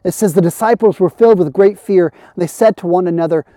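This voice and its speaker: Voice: mid-range voice, brisk, mellow, no room sound, studio quality. A pastor preaching an earnest sermon for an online service, building through repeated phrases.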